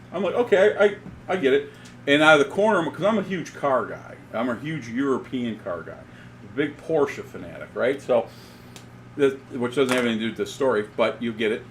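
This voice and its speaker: A man's voice: medium pitch, a little hiss or hum. A man co-hosting a casual chat, telling a funny story with lots of laughter and acted-out dialogue. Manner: animated storyteller, laughs often, acts out dialogue. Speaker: podcast co-host.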